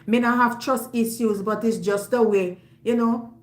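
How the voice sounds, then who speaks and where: A Jamaican woman hosting a live stream, talking in a loud, emphatic, forthright way. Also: a little high, fairly even intonation, normal speed. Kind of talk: casual live-stream chat. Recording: roomy echo.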